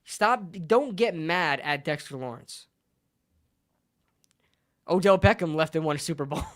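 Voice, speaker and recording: A man's voice: on the high side, expressive, measured pace, fairly bright tone. A man hosting a sports channel, passionately arguing an opinion and repeating points for emphasis. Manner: passionate, repetitive, argumentative.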